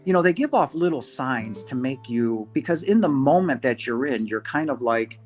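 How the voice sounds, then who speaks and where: A man tells his own story as a podcast guest, earnest and a little halting, doubling back on his words and quoting what he said and thought. His voice sits in an ordinary middle pitch. Faint guitar music plays softly underneath. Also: animated. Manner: earnest, halting, many restarts and quoted asides. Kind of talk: first-person storytelling.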